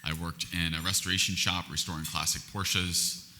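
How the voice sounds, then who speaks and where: Executive in his forties, low and crisp-bright, earnest, thinks aloud. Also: flat delivery, moderate pace, a little hiss or hum. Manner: reflective, earnest, with restarts. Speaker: company CEO, guest speaker. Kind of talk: stage interview answers. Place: event hall on stage.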